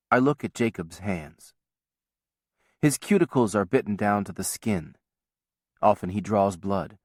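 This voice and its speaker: A man reading a novel aloud as first-person audiobook narration, in a measured, quiet storytelling manner. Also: fairly low pitch, dry recording, studio quality.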